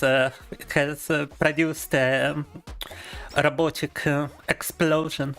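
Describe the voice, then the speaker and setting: With a mid-range, slightly bright voice, this young Russian-native streamer chats casually during a live game stream. Faint game music plays as he rants with exaggerated mock tragedy, hopping between two languages.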